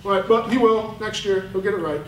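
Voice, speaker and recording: A man's voice: high-pitched, fairly quick. A man coaching at a clinic, talking bluntly and with fire over game film. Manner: animated, blunt, fired up. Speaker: football coach. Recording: roomy, distant mic, faint noise.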